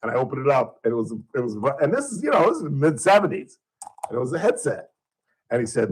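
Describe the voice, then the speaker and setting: A man's voice: medium pitch, very animated, fast, breathy edge, low-quality recording. A man in his sixties hosting talk radio from a studio, telling rambling stories in casual chat. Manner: rambling storyteller. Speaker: radio host. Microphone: studio mic.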